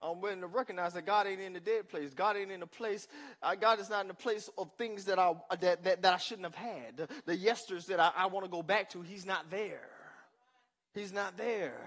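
A male pastor preaching a sermon, repeating lines for emphasis and talking directly to the congregation with quick asides. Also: high-pitched, fairly bright tone. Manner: repetitive preaching, breaks off with asides; conversational, addresses the congregation directly.

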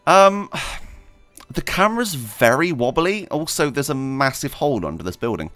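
A man's voice: mid-range voice, very animated, moderate pace, fairly bright tone, dry recording, faint music behind. A man hosting a gaming video, chatting casually and rambling while he plays, laughing often and talking to himself. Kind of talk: casual gameplay commentary.

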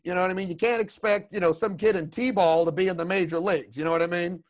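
Here a fast-talking man with a high, steady voice runs a creature design lesson over video call. He wanders off on asides constantly, keeps saying "you know what I mean," and keeps the whole thing loose and conversational.

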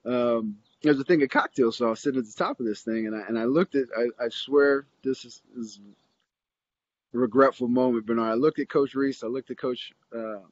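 A man's voice: medium pitch, normal speed, no room sound. Storytelling man, dry muffled sound. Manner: rambling, animated anecdote with many fillers and restarts. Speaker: interview guest, football coach. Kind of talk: casual storytelling.

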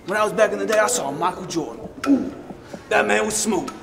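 A man's voice: sits high, a little fast, gravelly, background noise. A young man voicing a crotchety old grandpa who rambles and boasts about basketball in a comedy sketch, with music playing behind. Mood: boastful.

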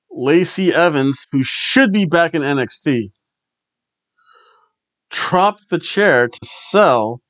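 A man's voice: fairly high pitch, a bit bright, dry recording. A man hosting a casual wrestling review podcast, rambling wryly and chuckling often. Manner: rambling and wry, with frequent chuckles. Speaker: podcast host. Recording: dull lo-fi dry recording.

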